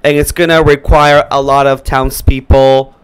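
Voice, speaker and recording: A man's voice: medium pitch, level tone, moderate pace, clean tone, no room sound. A man co-hosting a podcast in casual chat, sassy and teasing toward his co-host.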